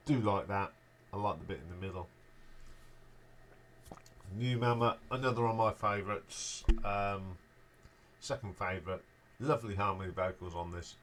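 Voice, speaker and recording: Offhand man with a lowish voice. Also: slight background noise. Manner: relaxed, offhand, trailing off at ends of remarks. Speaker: music reviewer, show host. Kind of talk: casual spoken album ranking.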